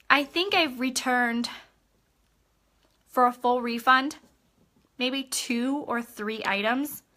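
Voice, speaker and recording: A woman leading a live video training for her sales team in an energetic, chatty way, often checking in with "okay?". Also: fairly high pitch. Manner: acts out customer chats in a bubbly voice. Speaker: direct sales team leader.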